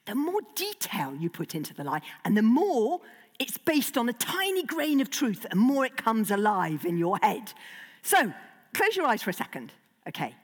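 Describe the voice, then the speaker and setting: A woman speaks to a hall full of children, her voice sitting a little high and swooping up and down as she tells stories. She keeps turning to the audience with questions, and a long echo from the big hall trails after her words. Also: moderate pace. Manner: animated storyteller who asks the audience questions. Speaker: children's author giving a school talk. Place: large hall. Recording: long reverb from a large hall.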